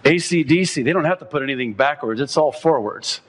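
A man preaching a sermon as pastor, quoting others at length and rising to impassioned, near-shouted peaks. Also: on the high side, fairly quick.

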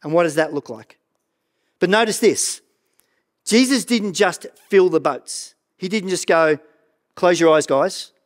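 A middle-aged man preaching a sermon as pastor of a church, earnest and animated, often stumbling and repeating words. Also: sits high, measured pace.

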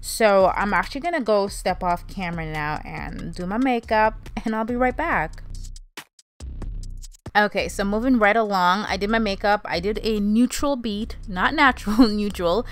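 A woman's voice: mid-range voice, normal speed, clean tone, faint music behind. A young woman narrating a wig tutorial in a casual, chatty way, calling her viewers "you guys" and "honey". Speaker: beauty vlogger.

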